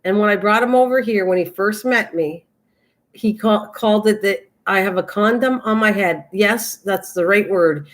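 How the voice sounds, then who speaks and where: An older woman with a mid-range voice hosts a casual craft livestream at a moderate pace. She rambles as she chats, laughs often, and addresses viewers by name.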